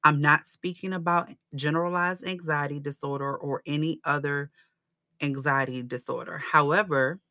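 A woman's voice: low voice, steady tone, normal speed, pushed and bright, no room sound, clean studio sound. A woman hosting a casual faith-based podcast, talking earnestly and conversationally, growing emphatic when she declares her faith. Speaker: podcast host.

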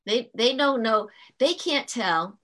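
A woman's voice: on the high side, expressive, slow pace, fairly bright tone. A woman who works as a teacher, talking earnestly in an interview and explaining her points with frequent restarts. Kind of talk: conversational interview storytelling.

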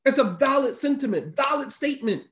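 Speaking at an extremely high pitch, fairly quickly and with a slightly bright tone, an animated male religious teacher preaches informally. He restates his points with emphasis in a conversational way. The audio sounds roomy, dull and lo-fi.

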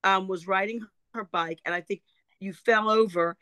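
A woman's voice: medium pitch, fairly even intonation, normal speed, bright, forceful tone, clear, resonant tone. A woman casually recalling a childhood family memory, with many fillers and restarts. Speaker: relative sharing memories. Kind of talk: casual reminiscing chat.

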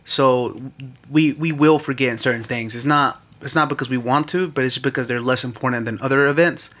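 A man's voice: mid-range voice, a little fast, fairly bright tone. A young man co-hosting a podcast, chatting in a laid-back way and switching between Spanish and English. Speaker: podcast co-host. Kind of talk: casual chat.

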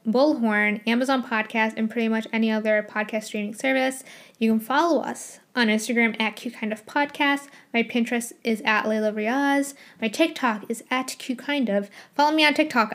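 Young female solo podcaster, bubbly and gushing, slightly high-pitched. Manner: chatty, gushing, laughs often. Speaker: podcast host.

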